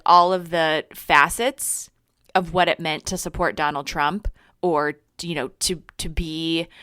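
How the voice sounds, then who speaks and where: A woman co-hosting a podcast in casual chat, thoughtful and measured as she works through her point. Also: lowish voice, a bit bright, clear, resonant tone, dry recording, clean studio sound. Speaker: podcast co-host.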